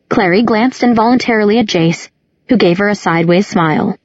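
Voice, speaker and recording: Husky woman narrating an audiobook. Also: medium pitch, lo-fi sound. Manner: measured and descriptive. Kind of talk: scripted narration.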